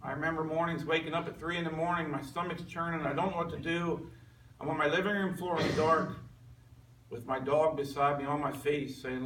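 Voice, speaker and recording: A man's voice: on the high side, steady tone, fairly quick, a bit bright, a little hiss or hum. A man giving an earnest personal testimony to a men's group, telling his story in a conversational way. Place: meeting room with a group listening. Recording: echoey room recorded from far off.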